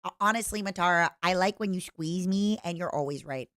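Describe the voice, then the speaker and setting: A woman's voice: fairly low pitch, fairly quick, fairly bright tone, no echo, clean studio sound. A woman from Eastern Europe streaming, chatting playfully with her chat and often breaking into giggles. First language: French-schooled, non-native English.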